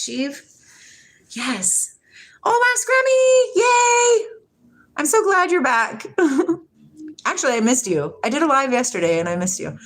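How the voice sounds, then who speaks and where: A woman in her forties from Washington state hosts a casual spiritual livestream, chatting with viewers and reading their comments in a soft, affectionate way, laughing often. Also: mid-range voice. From Washington state, USA. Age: 40s. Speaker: livestream host.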